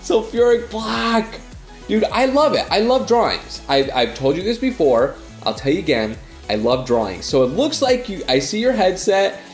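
Excitable young man with a stuffy nose. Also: high voice, moderate pace, reverberant, soft background music. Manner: excitable, gushing exclamations. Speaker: YouTuber. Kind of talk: casual vlog reading fan mail.

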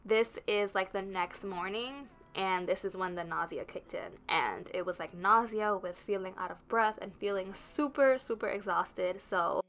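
A woman's voice: medium pitch, unhurried, few pauses, a bit bright. A pregnant woman vlogger narrating her video in a chatty, rambling way with lots of fillers. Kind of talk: casual voice-over narration.

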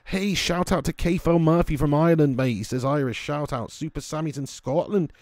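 A young man streaming a football video game, excitedly commenting, swearing at his players and greeting viewers in chat. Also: on the high side, brisk, dry recording, studio quality. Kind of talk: live game commentary and chat shout-outs.

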